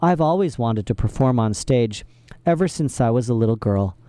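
A man's voice: medium pitch, animated, moderate pace, warm tone, clean tone, no echo, natural voice. A man voicing a cheerful, stage-struck woman judge who talks in an eager, gushing way.

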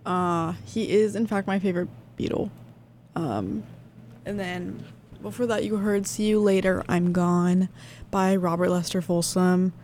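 A woman's voice: fairly low pitch, steady tone, unhurried, darkish tone, slight background noise. A woman radio DJ chatting casually between songs, rambling a little with many fillers and restarts.

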